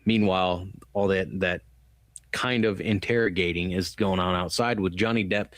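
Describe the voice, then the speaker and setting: Dry, clean studio sound carries a man whose voice sits low and a bit bright, with fairly even intonation and moderate pace. As a podcast co-host he rambles loosely through a movie review, cursing and acting out quotes.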